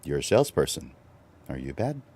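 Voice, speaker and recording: A very deep, mellow-toned middle-aged man who hosts a livestreamed coaching talk. He is animated and chuckles often, his pitch leaping upward whenever he stresses a point. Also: a little fast. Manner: animated, chuckling, swings up for emphasis. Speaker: host and photographer.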